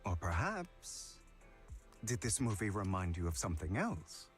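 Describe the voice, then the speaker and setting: An actor playing a suave, mysterious male collector, speaking in smooth, courtly, flattering game dialogue. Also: sits low, a little slow, faint music behind. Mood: probing.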